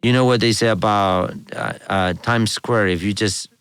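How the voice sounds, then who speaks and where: A middle-aged man from Spain with a thick Spanish accent, a guest telling animated stories in a casual interview, laughing often and restarting his sentences. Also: fairly low pitch, normal speed, clean tone, dry recording. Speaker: guest, orchestra conductor.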